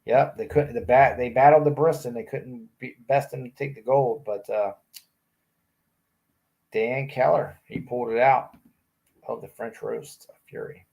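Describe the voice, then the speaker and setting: A man's voice: mid-range voice, steady tone, a little slow, gravelly, lo-fi sound. A man hosting a livestream in a small room, casually reading out viewer comments and joking around. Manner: joking, chatty, often laughing. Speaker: livestream host. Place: small hot room indoors.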